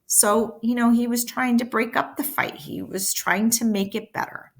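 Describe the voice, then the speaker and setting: A woman's voice: on the high side, normal speed, creaky, few pauses. A woman teaching a play, reading its lines aloud and explaining them in plain terms. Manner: switches between plain explaining and lively line reading.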